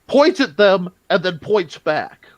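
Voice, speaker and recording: A man running a tabletop game as game master, animated and laughing as he narrates. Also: high-pitched, dry recording, lo-fi sound. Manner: animated, laughing, jumps between narration and quick voices.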